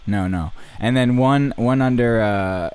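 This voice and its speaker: A man's voice: medium pitch, smooth. A man hosting a casual podcast chat, recalling history with many fillers and restarts. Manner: lively, halting with fillers. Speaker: podcast host.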